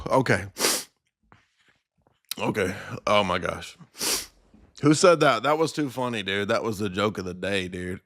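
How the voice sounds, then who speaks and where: A man's voice: on the low side, a little slow, long pauses. A man hosting a live stream, casually chatting to his viewers and laughing so hard he gasps for breath. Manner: laughing uncontrollably, gasping for breath; animated, addresses chat as y'all. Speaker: live stream host reacting to clips.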